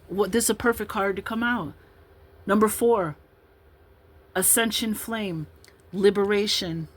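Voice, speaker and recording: A woman's voice: fairly low pitch, slight background noise, low-quality recording. Chatty fifty-something woman reading tarot. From Illinois, USA. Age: 50s. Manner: rambling, chatty asides between card readings. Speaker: tarot card reader.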